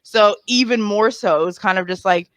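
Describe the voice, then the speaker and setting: A woman raised in Arkansas, telling stories in casual chat and slipping into the voices of the people in them. Her voice is bright and forward, recorded close and dry. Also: medium pitch, normal speed, clear, resonant tone, dry recording. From United States, grew up in Arkansas. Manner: animated storyteller, acts out quoted voices. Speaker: podcast guest.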